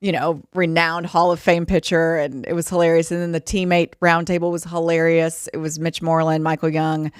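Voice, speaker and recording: A woman's voice: low-pitched, a little fast, hardly any pauses, clean tone, no room sound, studio quality. A woman co-hosting a podcast, chatting casually and telling stories about her work in sports broadcasting. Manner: chatty storyteller, animated when quoting. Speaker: podcast co-host. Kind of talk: casual chat.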